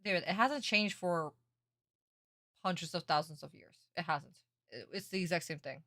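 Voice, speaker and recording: A young woman streamer reacting casually, blunt and swearing, easily excited. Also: fairly low pitch, normal speed, no echo, studio quality.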